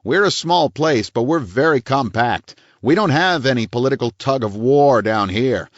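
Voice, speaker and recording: A man's voice: mid-range voice, expressive, moderate pace, no room sound, lo-fi sound, voice pushed up, natural voice. A man voicing a hard, bullying small-town police chief who snaps his questions.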